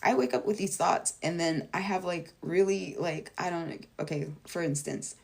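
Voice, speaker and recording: A woman with a fairly low speaking voice talks straight to her viewers in a loose, unscripted monologue. She is blunt and emphatic, swears without hesitation, and jumps way up in pitch whenever she acts out what someone else says. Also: moderate pace, vocal fry, husky. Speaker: vlogger and life coach. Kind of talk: casual spoken monologue.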